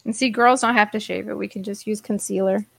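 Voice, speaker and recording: A woman co-hosting a podcast in casual banter, telling animated stories and swearing freely. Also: medium pitch, fairly quick, vocal fry, slightly rough, dry recording. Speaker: podcast co-host.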